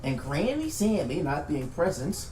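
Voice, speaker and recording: A man narrates a tabletop adventure to friends in a relaxed, joking way. His voice sits a little high and swings all over as he tells it. The sound is roomy and echoey. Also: unhurried. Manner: animated, swears casually, laughs often. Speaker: streamer recounting a tabletop campaign. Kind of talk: casual story recap over voice chat.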